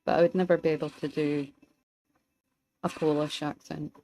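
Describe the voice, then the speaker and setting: A young Scottish woman streaming a game, chatting wryly with her viewers and pausing mid-thought. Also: low voice, level tone, warm tone, slight background noise, rough recording. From Scotland. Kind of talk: casual gameplay commentary, chatting with viewers.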